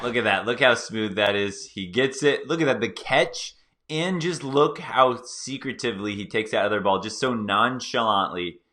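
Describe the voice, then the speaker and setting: A male host giving excited, playful reaction commentary on a clip, talking straight to his viewers. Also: mid-range voice, normal speed.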